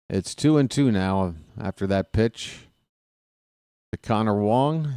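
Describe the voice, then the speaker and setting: Baltimore-accented man, fan-style solo play-by-play; low-pitched, dry close sound. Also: takes it slowly, clean tone, no room sound. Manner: excited fan rooting for his team. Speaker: play-by-play announcer. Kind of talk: solo baseball play-by-play commentary.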